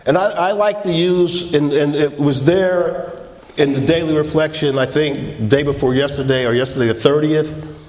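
A man's voice: a little high, moderate pace, darkish tone. A middle-aged man telling his story at a recovery meeting, laughing and acting out quotes. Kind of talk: personal testimony talk. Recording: echoey hall recording. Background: audience laughter.

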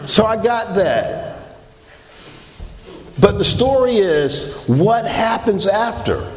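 Middle-aged man sharing his story, unhurried, fairly high voice, echoey hall. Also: big pitch swings. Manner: storytelling, laughing, acting out quotes. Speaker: recovery meeting speaker. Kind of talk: personal testimony talk. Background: audience laughter.

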